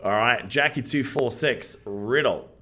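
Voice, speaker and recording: Chatty Australian man, bright voice. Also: medium pitch, measured pace. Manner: chatty, laughs often, slangy. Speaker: podcast co-host. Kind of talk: casual gaming podcast chat.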